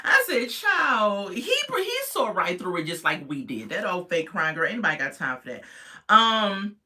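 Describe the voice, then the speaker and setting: A woman's voice: lowish voice, wildly swooping pitch, normal speed, pushed and bright. A woman casually recapping a reality TV episode, chatty and sassy with lots of asides.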